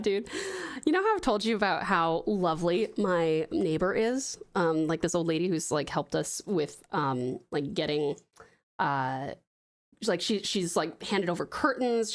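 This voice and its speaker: A woman's voice: on the low side, big pitch swings, unhurried. A young Australian woman from Tasmania streaming a game, chatting casually and giggling, calling her viewers pet names. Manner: bubbly, giggly, greets chat with pet names. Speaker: VTuber streamer. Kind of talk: casual live-stream chat while gaming. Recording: game music playing under the voice.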